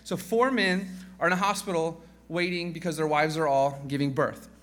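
A man in his thirties, a guest pastor, preaching a casual sermon full of jokes, fillers and restarts, quieter in prayer. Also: a little high, fairly even intonation, normal speed, slight background noise.

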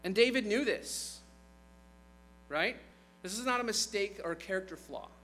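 A man's voice: sits high, animated, normal speed, pushed and bright, slight background noise, rough recording. A man preaching a sermon in a conversational way, retelling scripture with playful asides.

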